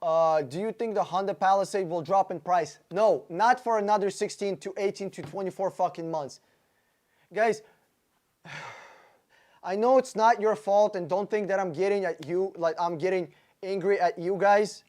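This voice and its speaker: A man's voice: sits high, normal speed, darkish tone. A man hosting a casual live-stream Q&A, blunt, joking and profane, reading out viewers' names and questions. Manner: talks to viewers by name, with frequent fillers and restarts. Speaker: livestream host answering chat questions about cars.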